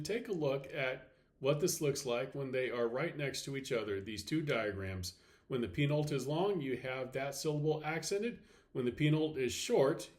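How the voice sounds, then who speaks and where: A man teaching a recorded slide lesson, explaining step by step, checking in with "okay" and saying example words slowly and deliberately. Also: medium pitch. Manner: clear step-by-step explaining with frequent okays. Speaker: Latin teacher.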